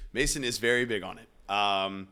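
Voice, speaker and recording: A young man from Virginia co-hosts a casual podcast chat in a bright, forward voice. He rambles loosely, full of fillers and easy laughter. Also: fairly low pitch, moderate pace, smooth. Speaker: podcast co-host.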